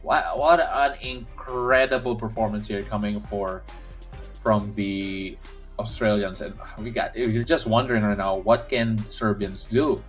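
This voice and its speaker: A man's voice: fairly low pitch, fairly even intonation, measured pace, soft background music. A man hosting a live basketball watch-along stream, calling the action casually and reading viewer comments aloud. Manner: chatty, reads viewer comments aloud, frequent restarts. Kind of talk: casual play-by-play and chat reading.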